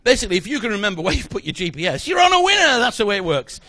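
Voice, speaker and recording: A man's voice: high voice, lively intonation, rapid-fire, sharp tone. A man performing a magic routine, chatting jokily with a volunteer from the audience on stage. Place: stage in front of a live audience.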